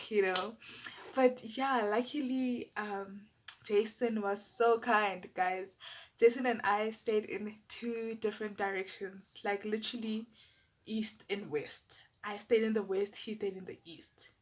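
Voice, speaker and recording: A young South African woman telling a personal story to camera in a casual, animated, exasperated way. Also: medium pitch, a little hiss or hum. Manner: animated, exasperated, lots of fillers and asides to viewers.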